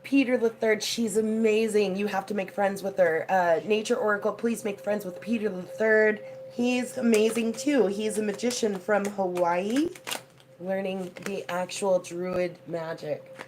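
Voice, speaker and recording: A woman's voice: medium pitch, steady tone, unhurried, noisy background. A woman hosting a casual livestream tarot reading at home, chatty and effusive, with rain heard behind her. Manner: chatty and effusive, thanks viewers. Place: home with a door open to the rain.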